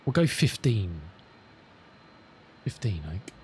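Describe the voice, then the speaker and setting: A middle-aged man chatting casually with viewers as a live streamer, rambling and amused, reading radio calls slowly. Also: lowish voice, sing-song, a little mellow, a little hiss or hum. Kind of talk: casual chat with viewers while flying.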